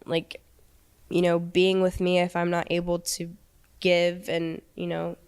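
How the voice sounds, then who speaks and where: A young woman in an interview telling a painful personal story in a halting, emotional way, with many restarts. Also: fairly low pitch, completely flat delivery, clear, resonant tone. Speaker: interview guest.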